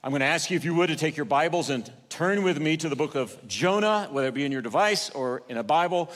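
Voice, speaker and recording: An older male pastor delivers a sermon in a church auditorium, his storytelling rising and falling in loudness and pace. His voice is fairly high for a man and swings widely in pitch. A long reverb trails behind him from the large hall. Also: expressive, fast talker.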